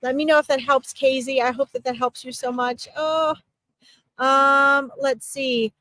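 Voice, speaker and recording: High-voiced woman giving a reassuring reading. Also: steady tone, unhurried, bright, forceful tone, rough recording. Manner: reassuring, chatty, often checks in with "okay?". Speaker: psychic medium. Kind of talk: live-streamed psychic reading. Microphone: streaming mic.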